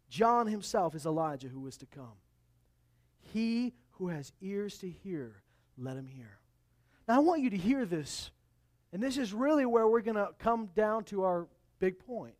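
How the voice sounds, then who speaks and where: A male pastor preaching a sermon, rising to booming scripture quotes and dropping to quiet asides. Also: lively intonation, measured pace. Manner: wide swings in loudness, booming when quoting scripture, dropping low for asides.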